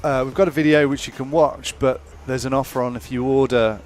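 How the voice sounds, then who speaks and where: A man's voice: mid-range voice, steady tone, fairly quick, slight background noise. Easygoing male race co-commentator. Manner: easygoing, reads sponsor plugs.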